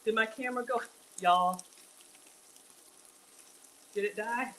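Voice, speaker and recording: Bright-voiced woman chatting while she cooks. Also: fairly high pitch, animated, slow, pauses often, a little hiss or hum, low-quality recording. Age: young adult to middle-aged. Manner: chatty, addresses viewers as y'all, reads donations aloud. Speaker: home cook livestreaming. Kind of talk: casual cooking livestream chat. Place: home kitchen.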